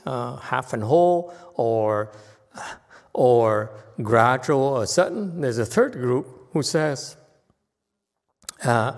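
Male teacher, informal lecture, teasing manner; slow pace, recorded with long reverb. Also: on the high side. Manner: chatty, teasing, with frequent "okay?" asides. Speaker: Buddhist teacher lecturing on a sutra.

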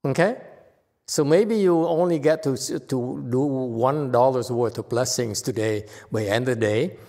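Man, Buddhist monk teacher, playful, laughs often, choppy phrasing, medium pitch, long hall reverb. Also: a little slow, creaky, mellow. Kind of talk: informal dharma talk.

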